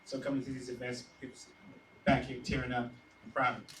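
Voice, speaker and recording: A young man giving an unprepared, halting speech, choked up with emotion. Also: medium pitch, monotone, fairly bright tone. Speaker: speaker's son. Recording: echoey hall, distant mic, room noise.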